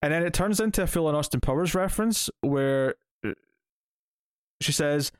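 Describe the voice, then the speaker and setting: A man's voice: fairly high pitch, normal speed, clear, resonant tone, dry recording, clean studio sound. A man in his thirties chatting casually about a comic issue, rambling with many restarts and fillers. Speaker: comic book podcast host. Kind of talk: casual chat reviewing a comic.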